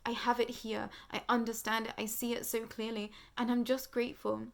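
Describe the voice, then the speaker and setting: A woman close to tears, speaking earnestly and slowly about a spiritual awakening as host of her channel. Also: on the high side, flat delivery, creaky. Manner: tearful, earnest, slow heartfelt pauses. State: close to crying. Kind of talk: emotional spiritual monologue.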